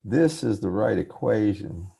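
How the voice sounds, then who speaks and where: Gravelly low-voiced professor, apologetic. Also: male voice, lively intonation, measured pace, dark tone. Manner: apologetic, restarts and self-corrections. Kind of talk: lecture over a video call. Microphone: computer mic on a video call.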